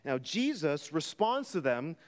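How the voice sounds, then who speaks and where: High, animated preaching man in reverb. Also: a little slow. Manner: emphatic expository preaching. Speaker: pastor. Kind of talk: sermon.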